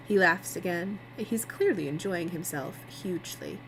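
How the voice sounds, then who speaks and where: A woman's voice: fairly low pitch, moderate pace, hardly any pauses, slight background noise, poor audio. Woman reading a mystery novel aloud. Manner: plain, even narration with asides. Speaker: reader, livestream host.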